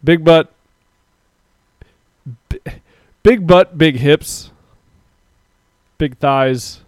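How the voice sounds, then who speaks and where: Guy cracking crude jokes on a stream, reads chat out, kinda high clean voice, dry sound. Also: very slow, dry recording. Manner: joking, laughs often, reads chat aloud. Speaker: livestream co-host. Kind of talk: casual crude banter.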